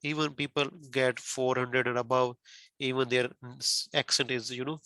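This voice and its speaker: A man's voice: mid-range voice, level tone, moderate pace, bright, forceful tone, dry recording. A man whose first language is not English, teaching exam criteria carefully to a student, repeating points and asking questions. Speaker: test prep teacher.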